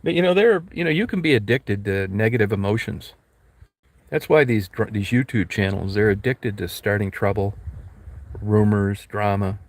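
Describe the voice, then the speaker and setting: A man's voice: on the low side, normal speed. A man talking casually and bluntly, rambling through stories and acting out quotes, with some swearing. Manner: blunt, profane storytelling with acted quotes.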